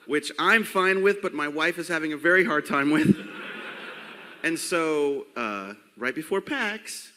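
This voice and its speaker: Man in his forties, bright cracking voice, lively comic panel host, echoey hall. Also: a little high, normal speed, slight background noise. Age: 40s. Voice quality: voice cracking, unsteady. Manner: joking, rambling, crude. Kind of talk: comedic live panel talk. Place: convention stage before a crowd. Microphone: handheld mic.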